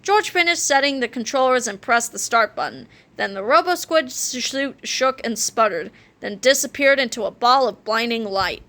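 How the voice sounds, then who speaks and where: A woman reading a children's chapter book aloud, with expressive, animated storytelling. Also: fairly high pitch, moderate pace, hardly any pauses. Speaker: read-aloud narrator.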